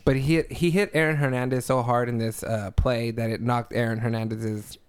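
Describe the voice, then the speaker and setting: A man hosting a casual podcast chat, telling stories in halting bursts and laughing often. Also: medium pitch, fairly even intonation, smooth. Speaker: podcast host.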